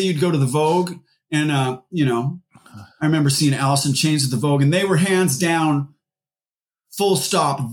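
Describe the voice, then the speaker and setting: A man, a musician guest, talking casually in an interview and rambling through his stories with lots of fillers and restarts. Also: mid-range voice. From Seattle area.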